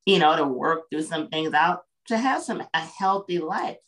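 A woman's voice: low voice, animated, normal speed, a bit bright, low-quality recording. A woman guest on a podcast, talking in an earnest, reflective way and often checking in with the listener. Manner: reflective, earnest, frequent "you know what I'm saying". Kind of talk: casual chat.

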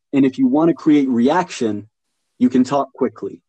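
Guy hosting a chill podcast, warm mellow voice, gets excited and restarts sentences. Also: medium pitch, fairly quick, breathy edge, no echo, rough recording. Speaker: podcast host. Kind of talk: casual conversation.

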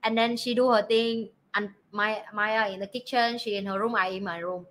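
A woman's voice: mid-range voice, steady tone, moderate pace, a bit bright. A woman in her thirties, a mother co-hosting a podcast in casual chat, speaking simple non-native English and acting out her stories with animation. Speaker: podcast co-host.

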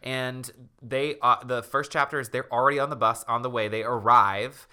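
A male podcast co-host with a bright, forward voice, walking through a book plot playfully. His pitch sits in the middle range. He speaks with lively, easy energy. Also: normal speed, smooth. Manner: animated storyteller, playful. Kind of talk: casual chat retelling a book.

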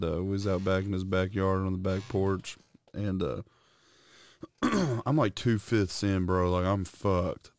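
Lower-voiced man telling a rowdy story. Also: creaky, darkish tone, no echo, clean studio sound. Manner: loose, profane storytelling with laughs. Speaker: podcast co-host. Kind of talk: casual chat.

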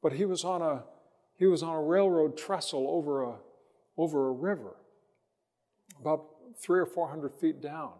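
A man preaching a sermon as a pastor, telling a personal story in a slow, reflective way with pauses, then leading a prayer. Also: a little high, mellow, in a large hall.

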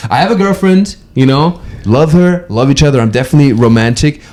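A man's voice: on the high side, brisk, a little mellow, slight background noise. A young man hosting a podcast, joking crudely and rambling with restarts in casual chat. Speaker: podcast host.

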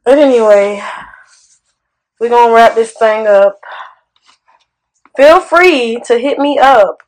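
A woman hosting a podcast, talking in a sassy, animated, conversational way. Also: a little high, slow, poor audio. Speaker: podcast host. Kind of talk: casual podcast chat.

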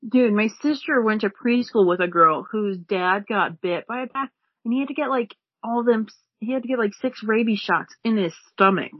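Woman, husky voice, blunt and rambling, dry close sound. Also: medium pitch, normal speed, no room sound, muffled recording. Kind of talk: casual chat.

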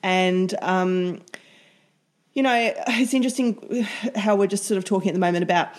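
Brief: woman podcast co-host, chatty storyteller, mid-pitched. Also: normal speed. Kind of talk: casual podcast chat.

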